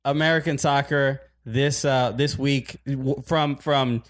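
A man's voice: medium pitch, steady tone, slow. A man co-hosting a soccer podcast in casual chat, a stand-up comic who laughs often and restarts his sentences with nervous repeats. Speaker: podcast co-host.

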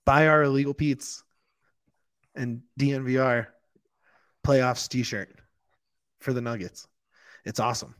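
A man co-hosting a sports podcast, reading a sponsor ad in a casual, giggly, enthusiastic way. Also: medium pitch. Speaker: podcast co-host. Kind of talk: casual ad read.

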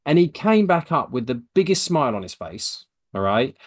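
A man's voice: medium pitch, very animated, moderate pace. A man, a sales trainer, chatting casually and acting out phone calls as he tells a story. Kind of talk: casual podcast chat.

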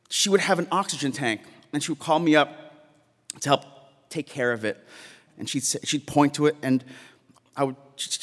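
A man telling a personal story on stage, halting and repeating words, often laughing as he speaks. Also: a little high, fairly bright tone, long reverb tail.

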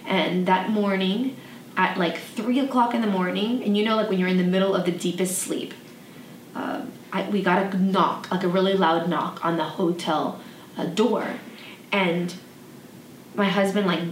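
A woman hosting a podcast, telling a personal story in a soft, reflective way with frequent fillers. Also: medium pitch, steady tone, normal speed. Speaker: podcast host. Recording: echoey room, slightly distant mic, faint noise.

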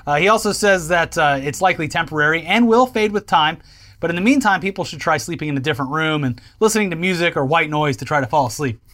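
A man's voice: a little high, animated, fast, sharp tone. A man co-hosting a comedic news chat, summing up reports in a wry, hesitant way with many fillers. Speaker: co-host.

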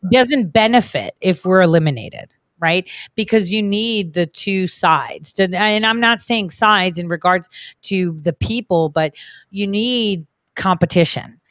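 A woman hosting a casual political podcast, her voice at a middle pitch. She keeps asking rhetorical questions as she talks. The recording is dry, with no room echo. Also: animated, measured pace, a bit bright. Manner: chatty, asks rhetorical questions.

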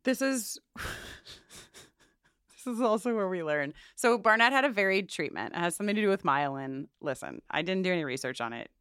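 A woman's voice: on the low side, fairly quick, smooth, dry recording, studio quality. A woman co-hosting a podcast, recapping a TV episode in casual chat, swearing freely and acting out lines from the show. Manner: swears freely, animated retelling with quoted lines. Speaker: podcast co-host.

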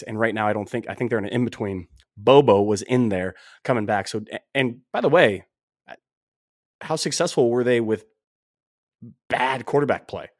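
A man's voice: medium pitch, no echo, clean studio sound. A man hosting a sports podcast, talking in a casual, emphatic, folksy way. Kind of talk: casual opinionated sports talk.

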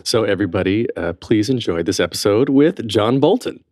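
A man hosting a theater podcast, chatty and upbeat with quick asides, recorded on a studio mic. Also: fairly low pitch, expressive, music in the background. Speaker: podcast host. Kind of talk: conversational podcast interview.

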